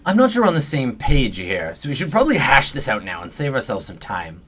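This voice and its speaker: A man's voice: mid-range voice, huge pitch swings, brisk, sharp tone, husky, soft background music, exaggerated voice. A man voicing an impatient, exasperated male fixer with a sarcastic manner. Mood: irritated. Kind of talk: reading game dialogue aloud.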